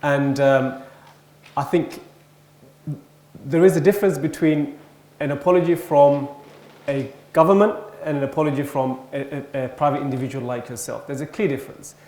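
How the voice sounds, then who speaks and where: Calm man answering in an echoey hall. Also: mid-range voice. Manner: measured, hedging with ums. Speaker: invited speaker, head of research. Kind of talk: seminar discussion answer. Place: university seminar room.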